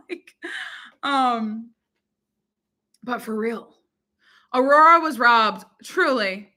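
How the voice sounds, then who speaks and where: A woman chats casually with her viewers in a bright, forward voice. Her pitch sits a little high. She sounds bubbly and giggly and fills her talk with "like" and "um". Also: extremely slow, pauses often. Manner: bubbly and giggly, many fillers like "like" and "um". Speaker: YouTuber reading viewer comments. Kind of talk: casual chat.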